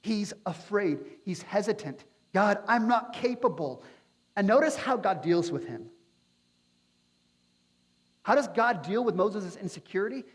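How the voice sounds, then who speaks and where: A man preaching a sermon as pastor, animated and acting out quotes with playful asides. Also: high-pitched, a little slow, long pauses, slightly rough. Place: church sanctuary. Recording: long church reverb.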